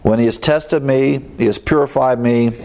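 A man's voice: mid-range voice, fairly even intonation, moderate pace, a little mellow. A man preaching a Bible teaching sermon, explaining scripture in a conversational way with fillers and asides.

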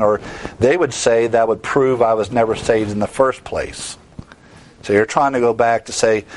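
A man's voice: mid-range voice, steady tone, moderate pace. A man teaching the Bible in a sermon style, earnest and emphatic, stressing key words.

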